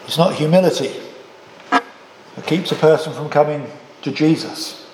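A man preaching a sermon, measured and emphatic, often closing points with rhetorical questions. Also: fairly high pitch, a little mellow, a little hiss or hum. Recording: echoey hall.

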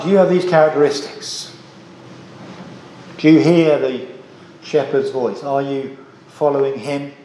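A man's voice: a little high, dark tone, a little hiss or hum. Earnest male preacher in echoey church. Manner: earnest, rhetorical questioning, emphatic repetition. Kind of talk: sermon.

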